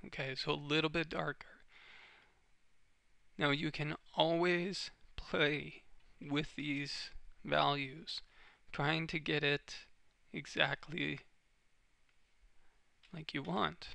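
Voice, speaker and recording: Guy walking thru a software tutorial, kinda high bright voice, super dry. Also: takes it slowly, vocal fry, pauses often, dry recording. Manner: steady step-by-step explaining. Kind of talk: screen-recorded software tutorial.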